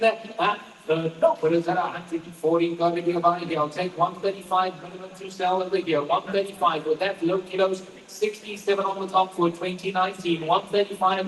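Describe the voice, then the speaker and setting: Fast-chanting auctioneer, man. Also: sits high, a bit bright, a little hiss or hum. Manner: rapid repetitive bid calling. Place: auction hall. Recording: echoey hall from far off.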